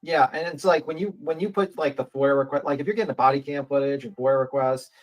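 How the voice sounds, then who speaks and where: A man's voice: mid-range voice, fairly even intonation, fast, rough recording. A man from New York talking on a commentary channel, who rambles, swears and acts out the lines he quotes. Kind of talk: casual commentary chat.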